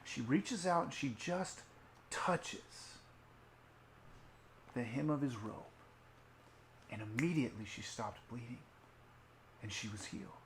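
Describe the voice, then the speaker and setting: A man preaching an online sermon, telling a story expressively, sinking into hushed tones and rising again, with casual asides. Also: medium pitch, lively intonation, slow, long pauses, echoey room, slight background noise. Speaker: youth pastor.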